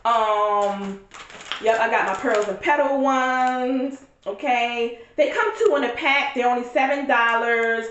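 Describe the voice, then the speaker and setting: Woman, casual vlog, blunt, profane, slightly high voice, echoey room. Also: slow pace, a bit bright, highs cut off. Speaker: vlogger reviewing a reality show.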